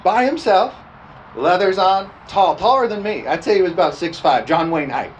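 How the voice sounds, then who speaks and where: A man's voice: sits high, expressive, moderate pace, slight background noise. A man preaching a storytelling sermon in a folksy, laughing way, often tossing "amen?" to the congregation.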